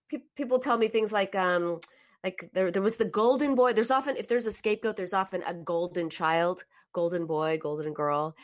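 A woman host talking through listener comments and telling stories in a reflective, anecdotal way, often restarting her sentences. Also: mid-range voice. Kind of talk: casual live-stream talk about self-help.

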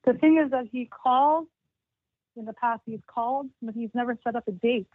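A woman's voice: fairly high pitch, moderate pace, no room sound. A woman in her thirties calling an advice show, sounding frustrated and defensive. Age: 30s. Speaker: caller. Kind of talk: call-in advice conversation. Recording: tinny phone line.

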